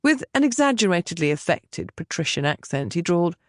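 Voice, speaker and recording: A woman narrating a historical romance audiobook with expressive storytelling. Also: fairly low pitch, brisk, few pauses, dry recording, studio quality. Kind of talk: scripted narration.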